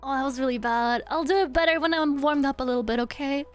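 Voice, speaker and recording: Bubbly high-voiced woman streamer. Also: quick pace, faint music behind. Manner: bubbly and silly, hums nonsense syllables between remarks. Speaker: virtual streamer. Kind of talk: casual livestream chat with viewers.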